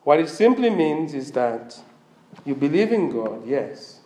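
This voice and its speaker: A man's voice: fairly high pitch, sing-song, a little slow, a little mellow, echoey room. A man preaching a sermon, with a slightly strained voice, asking the congregation questions as he goes. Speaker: pastor.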